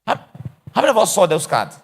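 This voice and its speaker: A man's voice: high-pitched, fast. A middle-aged man from Africa, an apostle teaching a church session in a theatrical, joking way. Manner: animated, theatrical, acts out scenes and jokes. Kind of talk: lively teaching sermon.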